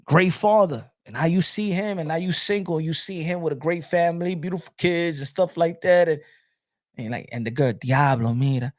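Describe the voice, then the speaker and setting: Excitable male boxing pundit. High voice, dry close recording, ranting delivery. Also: normal speed, dry recording. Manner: excitable, ranting, with repeated restarts. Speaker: boxing commentator. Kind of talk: animated boxing commentary.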